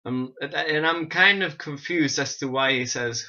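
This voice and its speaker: A man tells a story to his vlog camera at home, rambling and animated and often restarting his sentences. His voice is bright and pointed. The recording sounds dull and lo-fi. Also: mid-range voice, normal speed. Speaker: vlogger.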